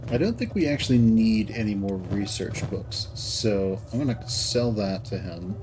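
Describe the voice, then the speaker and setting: A man with a fairly low voice gives casual commentary while he plays a game. He thinks out loud, trails off and restarts his sentences as he goes. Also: expressive, measured pace, a little hiss or hum, poor audio. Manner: thinks aloud, rambling with restarts. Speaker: game streamer.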